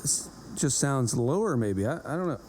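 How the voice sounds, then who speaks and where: A man's voice: mid-range voice, very animated, normal speed. A man hosting a guitar pedal demo, chatting casually and thinking aloud between riffs, often correcting himself. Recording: electric guitar music loud behind. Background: loud electric guitar playing.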